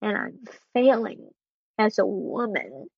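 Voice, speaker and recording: A woman guest speaking candidly and earnestly about a hard personal experience, with halting restarts as she talks. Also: medium pitch, lively intonation, gravelly, slightly rough, dry recording, muffled recording. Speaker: interview guest. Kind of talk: candid personal storytelling in conversation.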